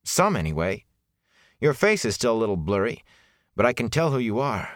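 A man voicing an excitable young man who boasts eagerly. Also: on the low side, moderate pace, no echo, studio quality, voice pushed up. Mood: excited.

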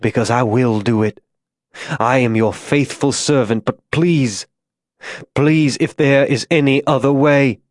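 Tormented frontier zealot, soft-spoken and fervent, read by a male narrator; dry, close audiobook voice. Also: medium pitch, measured pace, no echo, lightly acted. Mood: anguished. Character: grown man, tormented religious zealot, gentle to a child.

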